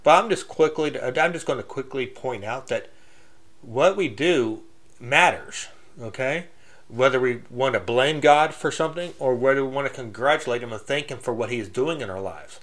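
A man's voice: mid-range voice, normal speed, fairly bright tone. A man giving a casual, blunt faith talk, preaching straight with many restarts and loose grammar. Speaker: Christian speaker.

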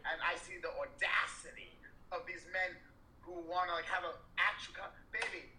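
Man, candid podcast co-host; tense, forceful voice; echoey room. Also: sits high, steady tone, moderate pace, a little hiss or hum. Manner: rambling, emphatic and profane, with many restarts and fillers. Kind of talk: candid casual chat.

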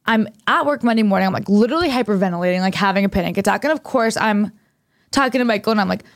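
Animated young woman telling a story. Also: mid-range voice, very fast, no room sound, clean studio sound. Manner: animated storytelling, acting out both sides of conversations. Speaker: podcast co-host. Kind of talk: casual chat.

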